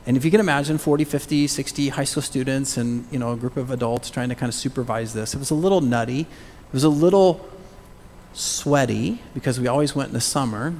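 A middle-aged male pastor preaching a sermon, animated, moving between loud calls and hushed whispers and prompting the congregation to say words aloud. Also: mid-range voice, fairly quick, slight background noise. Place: church sanctuary. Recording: long church reverb.

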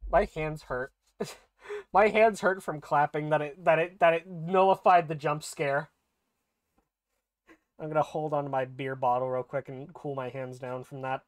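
A man's voice: a little high, fairly even intonation, moderate pace, dry recording. A young man live-streaming a game, thinking aloud, laughing often and swearing as he plays.

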